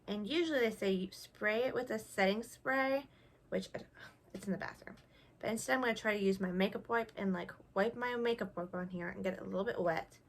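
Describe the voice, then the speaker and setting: In a casual makeup tutorial chat, a young beauty vlogger talks while she works, testing makeup and poking fun at herself. Her mid-range voice moves a little fast.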